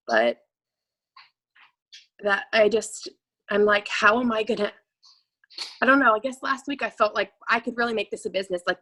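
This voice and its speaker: A woman in her thirties, a coaching client, talking through her feelings in a raw, emotional, halting way with many restarts. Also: on the high side, a bit bright, poor audio. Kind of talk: emotional live coaching session.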